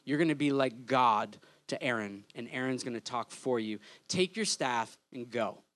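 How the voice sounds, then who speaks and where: A man voicing God during a sermon, speaking emphatically, slowly and insistently. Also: medium pitch, a bit bright, pitched below the performer's own voice, natural voice. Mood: commanding. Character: God, commanding and reassuring.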